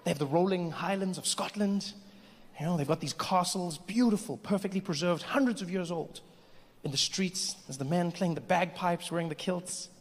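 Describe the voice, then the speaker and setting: A man doing stand-up comedy on a theatre stage, animated and storytelling. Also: high-pitched, moderate pace. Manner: animated, storytelling, switches into voices. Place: theatre stage with live audience. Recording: live hall with crowd laughter.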